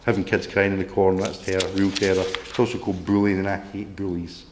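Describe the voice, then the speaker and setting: A man's voice: low voice, level tone, fast, noisy background. A man giving a combative public talk to a local group, blunt and swearing, often asking "right?". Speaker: campaign speaker. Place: meeting room.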